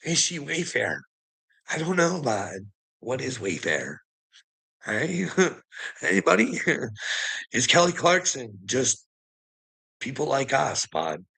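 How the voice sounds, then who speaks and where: A man's voice: mid-range voice, big pitch swings, takes it slowly, creaky, long pauses, bright, forceful tone, husky, low-quality recording. A man talking in a rambling, sardonic monologue, laughing often and swearing as he goes. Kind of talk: casual conspiracy commentary monologue.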